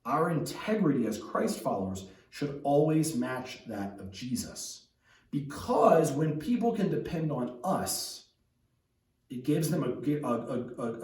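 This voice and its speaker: A man's voice: mid-range voice, reverberant, recorded from a distance, rough recording. A man preaching a sermon as a pastor, talking in a conversational way with frequent restarts and asides. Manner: conversational, with many restarts and tag questions. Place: church.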